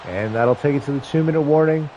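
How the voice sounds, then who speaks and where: A man's voice: on the high side, fast talker, dark tone, lo-fi sound, a little hiss or hum. A man streaming a football video game, giving casual play-by-play with wry, joking asides between stat rundowns.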